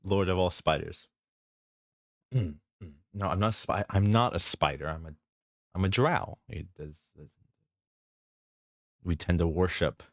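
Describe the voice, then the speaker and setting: Young guy vtuber, very deep voice, keeps laughing, playful and dramatic. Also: normal speed, pauses often, no echo. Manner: giggly, easily breaks into laughter; mock-grand, playful self-introduction. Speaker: vtuber streamer. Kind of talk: casual live stream chat.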